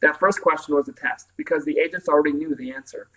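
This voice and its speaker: A man reading a novel aloud in the first person, telling the story in a calm, even way. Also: on the high side, quick pace, poor audio. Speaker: audiobook reader. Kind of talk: first-person audiobook narration.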